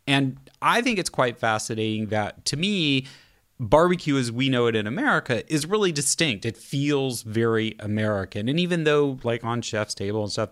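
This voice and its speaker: A man hosting a podcast, asking chatty, thoughtful questions and reading announcements. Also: mid-range voice. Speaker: podcast host. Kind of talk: interview and scripted announcements.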